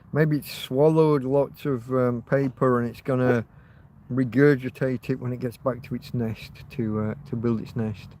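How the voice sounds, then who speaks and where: A man's voice: mid-range voice, darkish tone. A man hosting a casual livestream, rambling and chatting to his viewers with frequent restarts. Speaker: livestream host.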